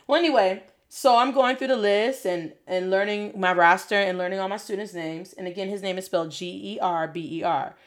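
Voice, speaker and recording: A young adult woman, a Spanish teacher, giving a casual spoken lesson, animated and slangy, dropping Spanish phrases into her talk. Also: medium pitch, a little fast, few pauses.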